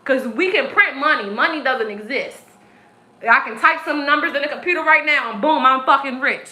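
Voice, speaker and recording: Here a woman who reads tarot rants on a live stream about spiritual matters, preachy, combative, and full of swearing. She speaks at a normal speed in a voice on the high side, bright and pushed with vocal fry, and the room echoes.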